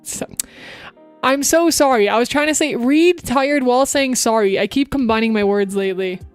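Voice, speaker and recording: A woman's voice: a little high, a little fast, clean tone, dry recording, faint music behind. A young woman streaming casually, giggling as she chats and reads voice acting drills with exaggerated pacing and emphasis. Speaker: VTuber streamer. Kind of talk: casual livestream chat about voice acting drills.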